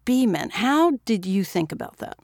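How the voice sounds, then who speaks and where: A woman's voice: medium pitch, sing-song, normal speed, creaky, dry recording, clean studio sound. A woman interviewer asking long, probing questions with curiosity. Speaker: interviewer, host.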